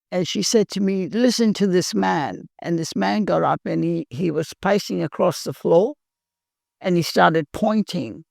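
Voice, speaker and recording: An older woman from Perth with an Australian accent, telling her recovery story in a halting, earnest way, full of pauses. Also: on the low side, vocal fry, a little mellow, dry recording, clean studio sound. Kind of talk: personal recovery testimony.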